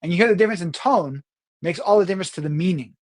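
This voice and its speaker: Middle-aged male speaking coach, animated delivery. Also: fast. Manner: animated, swings pitch and loudness to demonstrate. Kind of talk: talk to camera on communication skills.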